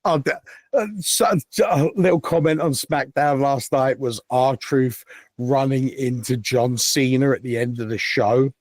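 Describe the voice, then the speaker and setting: A man's voice: medium pitch, darkish tone, no echo. Casual male podcast co-host, rambling, dry close mic. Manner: rambling, halting, many ums and restarts. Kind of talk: casual chat.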